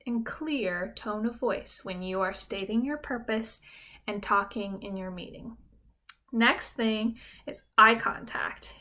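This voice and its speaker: Bright-voiced woman teacher, patient and clear. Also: on the high side. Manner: patient, explains simply, checks in with "okay?". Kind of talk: recorded classroom lesson.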